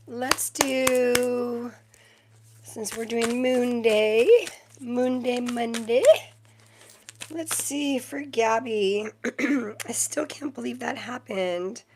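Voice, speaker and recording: Over some background noise, a woman with a slightly high voice chats with viewers while live-streaming tarot readings. She's chatty, fills her speech with fillers, and thanks viewers often.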